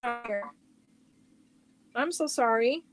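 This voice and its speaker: Woman, higher voice, unhurried, chatty livestream host reading viewer comments. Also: rough recording. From Germany. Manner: chatty, reacts to viewer comments while showing yarn. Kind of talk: casual livestream chat. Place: at home.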